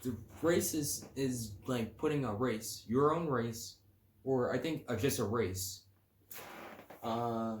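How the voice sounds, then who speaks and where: Recorded in an echoey home room with faint ambient noise in the early morning, a man hosts a casual solo podcast. He speaks slowly in a mid-range voice, rambling, making crude jokes, and reading definitions aloud.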